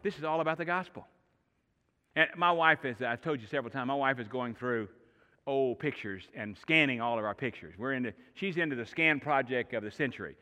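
A middle-aged man preaching a sermon as pastor, telling stories in an animated way with shifting pace and loudness. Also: medium pitch, a little fast. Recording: long reverb of a large hall.

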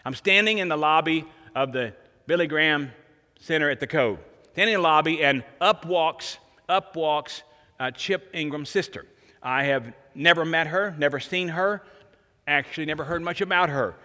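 Guy preaching, bright forceful voice, tells a story and says stuff twice, big echoey hall. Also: fairly high pitch, moderate pace. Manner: animated storytelling preacher, repeats phrases for emphasis. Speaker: pastor. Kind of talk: sermon.

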